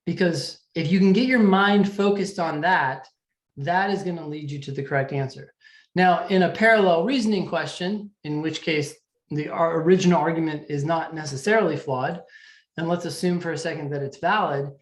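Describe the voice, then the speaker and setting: A man's voice: on the high side, moderate pace, roomy sound. A man teaching a live test-prep class, explaining step by step in a conversational way and often checking in with the students. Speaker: LSAT teacher.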